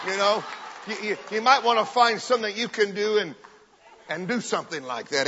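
A man preaching a sermon with fervent, emphatic delivery, loud bursts and joking asides. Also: sits high, big pitch swings, quick pace, a faint crowd, slight background noise. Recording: long hall reverb, dull lo-fi sound.

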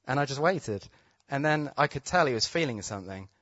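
Excitable preacher, dry dull sound. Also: male voice, medium pitch, fairly quick, dry recording. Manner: excitable, laughing, urgent declarations. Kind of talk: testimony storytelling and healing prayer. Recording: dull, slightly muffled sound.

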